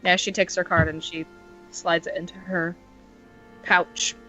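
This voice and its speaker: A woman playing in a tabletop game over voice chat, playful and quick. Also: lowish voice, level tone, bright, forceful tone, soft background music. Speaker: player. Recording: dull lo-fi voice chat audio.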